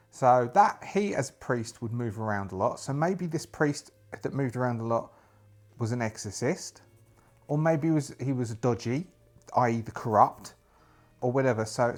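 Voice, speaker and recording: Man, solo tabletop game narrator, rambling, thinks aloud, mid-pitched, faint music behind. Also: a little mellow.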